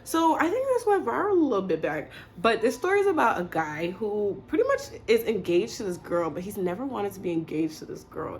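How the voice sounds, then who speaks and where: A woman's voice: medium pitch, very animated, a little hiss or hum. A young woman in casual chat, gushing about stories she loves and briefly acting out the characters' lines. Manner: gushing, chatty, acts out characters' lines in quick asides. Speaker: video creator recommending stories.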